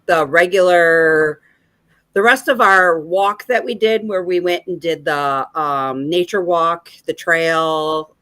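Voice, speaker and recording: A woman's voice: fairly low pitch, a bit bright. A woman from Michigan, a guest on a casual chat, talking enthusiastically and giggling often. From Michigan, United States.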